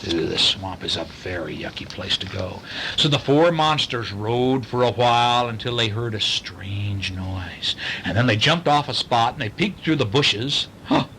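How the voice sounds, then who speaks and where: A man gently reading a picture book aloud to a child at home, pausing for chatty asides. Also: fairly low pitch, expressive, a little hiss or hum. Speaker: parent reading a bedtime story.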